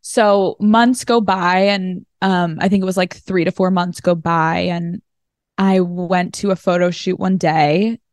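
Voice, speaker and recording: A woman's voice: lowish voice, steady tone, a little slow, darkish tone, no echo, studio quality. A woman chatting as a podcast guest, telling stories with lots of "like" and acting out conversations. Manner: chatty storyteller, heavy use of "like"; acts out quoted dialogue. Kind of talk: casual interview chat.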